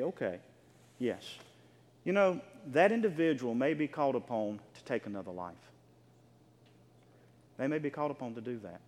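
A middle-aged male pastor preaching a sermon to his congregation, telling a story with animation and at times shouting out the lines. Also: mid-range voice. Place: church sanctuary. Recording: echoey hall with long reverb.

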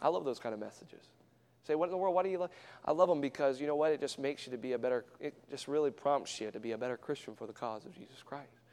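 A man preaching a sermon as a traveling missionary, swinging from hushed storytelling to loud, fervent exhortation in a church. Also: medium pitch, quick pace, big-room sound. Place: church sanctuary.

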